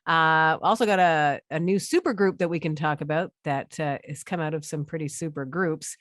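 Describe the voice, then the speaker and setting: Brief: female co-host, lowish, dry close mic, loose and jokey. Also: normal speed, a bit bright, no echo. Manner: chatty, laughing, trying out accents. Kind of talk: casual chat.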